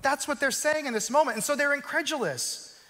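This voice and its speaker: Guy preaching a sermon, high voice, big echoey hall, goes loud and fast then real slow and quiet. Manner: swings from loud, quick storytelling to slow, hushed emphasis. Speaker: pastor.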